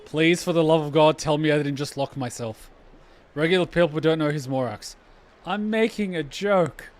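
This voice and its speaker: A game reaction streamer gives casual commentary on a playthrough, sarcastic and joking and often swearing out of exasperation. His voice is slightly high and brisk, with fairly even intonation.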